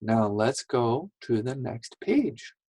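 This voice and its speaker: Very slow, husky-voiced woman teacher. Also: rumbling low, no echo, rough recording. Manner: animated, gasping praise, slow and deliberate. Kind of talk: reading lesson for young children.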